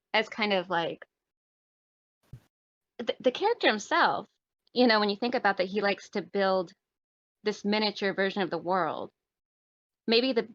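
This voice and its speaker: A woman's voice: medium pitch, fairly bright tone, no echo. A woman who is a podcast guest, thinking aloud about a film with lots of likes and you-knows, her voice a little strained from talking. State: losing her voice. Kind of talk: casual movie review chat. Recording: dry, dull lo-fi sound.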